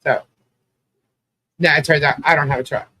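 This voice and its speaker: A man's voice: on the high side, steady tone, moderate pace, sharp tone, breathy edge. A man hosting a casual livestream, telling rambling stories with lots of fillers and laughter. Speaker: livestream host. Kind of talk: casual chat.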